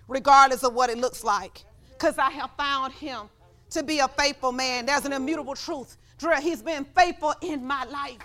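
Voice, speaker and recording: A woman pastor preaching a sermon in church, telling a personal story and building up to shouts of praise. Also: sits high, moderate pace, muffled recording, over music.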